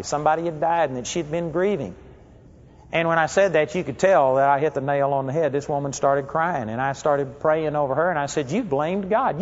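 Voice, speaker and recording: A man preaching a sermon, telling stories earnestly and slowing down to stress key phrases. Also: on the high side. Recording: dull audio with long hall reverb.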